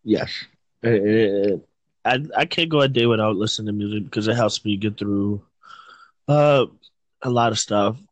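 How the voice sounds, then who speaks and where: A man's voice: on the low side, moderate pace, no room sound, rough recording. A man from Virginia, hosting a casual chat and rambling as he searches for words. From Virginia, United States. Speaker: host.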